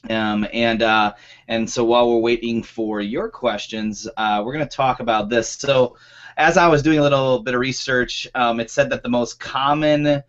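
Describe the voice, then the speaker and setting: A man's voice: medium pitch, fairly even intonation, normal speed, fairly bright tone, dull audio. A man hosting a video call panel loosely, with many ums and uhs. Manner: loose, filler-heavy. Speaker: panel host.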